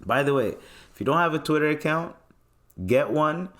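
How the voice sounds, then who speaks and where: A man's voice: a little high, normal speed. A man hosting a podcast, ranting casually and animatedly with plenty of swearing and laughter. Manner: animated, profane, often laughing. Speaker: podcast host. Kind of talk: casual comedic rant.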